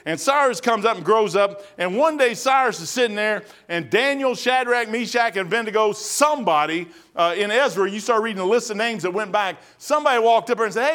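A man delivering a sermon in a loose, folksy way, rambling through stories and acting out the voices along the way. His voice sits noticeably high for a man. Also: a bit bright. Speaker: preacher.

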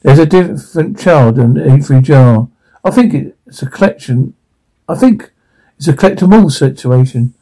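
A man with a gravelly voice delivering sitcom dialogue in halting bursts full of restarts. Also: fairly high pitch, expressive, warm tone, rough recording.

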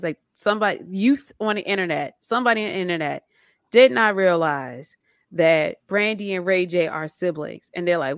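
Woman co-host, fairly low voice, dry close sound, casual animated storytelling. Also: clear, resonant tone, no room sound. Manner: animated storytelling with acted-out quotes. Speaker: podcast co-host. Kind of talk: casual chat about a documentary.

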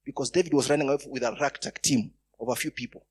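Husky-voiced preacher. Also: male voice, medium pitch, steady tone, fast talker. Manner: storytelling, bursts of loud emphasis. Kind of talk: sermon.

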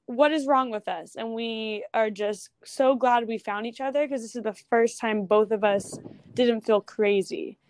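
A woman's voice: fairly high pitch, fairly even intonation, darkish tone, no echo. Chatty young woman telling a story. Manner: chatty, with restarts and quick asides. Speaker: guest photographer. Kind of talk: casual interview.

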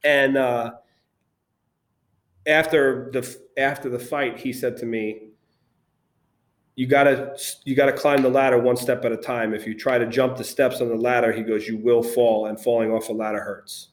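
A man, founder of an agency, telling animated stories as a guest in a casual interview, with frequent restarts. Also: mid-range voice, moderate pace, pauses often.

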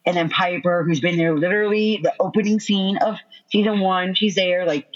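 A woman gushes about a TV show in a rambling, chatty way, quoting her own excited reactions. Her voice sits fairly low. Her mic sounds dull and lo-fi. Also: moderate pace. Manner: chatty, full of "like" and excited quotes. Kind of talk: casual chat recapping a TV episode.

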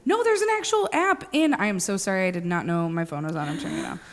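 A woman's voice: medium pitch, animated, fast. A young woman co-hosting a podcast in casual chat, talkative, laughing often and swearing casually. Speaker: podcast co-host.

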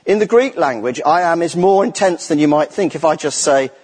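Man, middle-aged, lay preacher, sermon, husky voice, fairly high pitch, earnest, emphatic, long church reverb. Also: expressive, brisk, darkish tone. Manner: earnest, emphatic, repeats key phrases.

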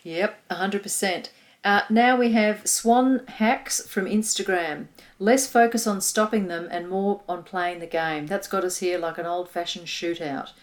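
A woman's voice: medium pitch, fairly even intonation, unhurried. A woman with an Australian accent co-hosting a sports podcast, reading listener comments with enthusiasm. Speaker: podcast co-host. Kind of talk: casual sports chat.

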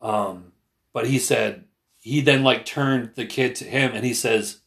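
A man's voice: mid-range voice, measured pace. A man co-hosting a casual podcast conversation, earnest and hesitant, with many fillers and restarts. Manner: earnest, retells others with raised animated voice. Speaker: podcast co-host.

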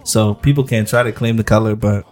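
A man guesting on a podcast, talking in a relaxed, teasing way. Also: lowish voice, fairly quick, faint music behind. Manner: laid-back, teasing, says "you know what I'm saying". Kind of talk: casual chat.

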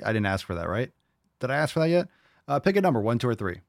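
Male host, brash mocking reactor; animated delivery, dry studio sound. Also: mid-range voice, a little fast, creaky, dry recording. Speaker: podcast host. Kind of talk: reaction commentary.

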